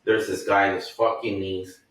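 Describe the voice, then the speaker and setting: A man's voice: low voice, flat delivery, normal speed, a bit bright. Profane man telling a story, far off mic in an echoey room. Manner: profane, rambling storyteller who acts out quotes. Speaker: podcast co-host. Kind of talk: casual storytelling chat.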